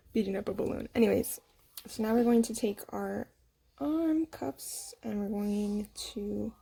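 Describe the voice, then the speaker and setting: A young woman casually walking viewers through a sewing project at home, chatty and quick to laugh at herself. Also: medium pitch, creaky, dark tone, husky. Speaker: sewing tutorial host. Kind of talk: casual step-by-step sewing demo.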